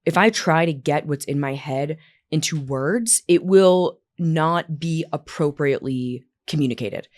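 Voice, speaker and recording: Low-voiced animated woman podcast host. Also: measured pace. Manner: animated and swearing, acting out quotes. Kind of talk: casual interview chat.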